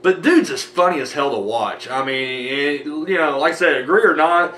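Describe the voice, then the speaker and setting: A man's voice: fairly high pitch, moderate pace, fairly bright tone, echoey room, a little hiss or hum. An American man rambling casually with many fillers while thanking his viewers in a vlog. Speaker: movie review vlogger.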